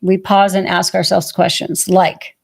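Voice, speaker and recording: A woman co-hosting a podcast in relaxed casual chat, talking through a list of prompts. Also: fairly low pitch, a little slow, creaky, husky. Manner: relaxed, talks through lists of prompts, uses fillers like "you know". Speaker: podcast co-host.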